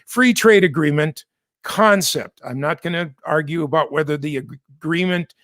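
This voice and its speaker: A man's voice: on the high side, moderate pace, a bit bright, no room sound, studio quality. An American man hosting a news commentary show, chatty and digressive, often correcting himself mid-sentence. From United States. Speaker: host.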